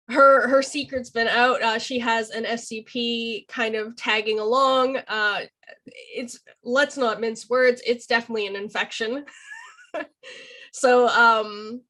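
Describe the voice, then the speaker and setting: A woman's voice: fairly high pitch, bright, forceful tone. Chatty woman player with a sick voice. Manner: chatty, laughing asides. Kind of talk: casual introduction.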